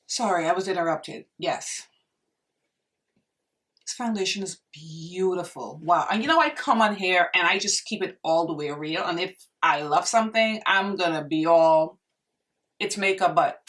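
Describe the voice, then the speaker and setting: A woman's voice: on the low side, moderate pace, a bit bright, recorded from a distance. A young woman reviewing makeup in a casual vlog, gushing and exclaiming to her viewers as if they were friends. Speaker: beauty vlogger.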